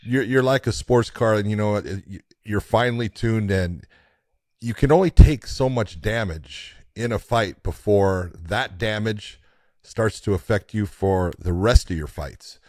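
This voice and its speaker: A man's voice: lowish voice, measured pace, a little mellow, no echo. A man co-hosting a podcast, explaining his view steadily and building it on analogies. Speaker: podcast co-host. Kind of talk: casual podcast conversation.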